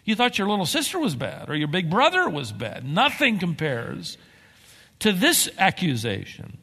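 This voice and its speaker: A man preaching a sermon as pastor, telling stories with emphatic, animated delivery. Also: sits high, moderate pace, in a large hall. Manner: animated storytelling, emphatic swings.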